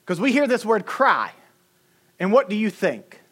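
Animated Southern woman preaching a sermon. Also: mid-range voice, a little slow. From Southern United States. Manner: animated, humorous, emphatic, swings between loud and soft.

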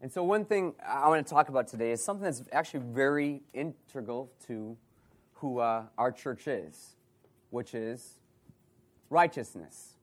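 A man's voice: medium pitch, animated, moderate pace. A man preaching a sermon as pastor, asking the congregation questions and repeating phrases.

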